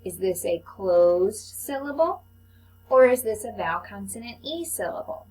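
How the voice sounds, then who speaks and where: A woman teacher giving a slow, patient phonics lesson to young children, speaking into a computer microphone. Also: medium pitch, animated, a little mellow, a little hiss or hum, low-quality recording. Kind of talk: recorded online phonics lesson.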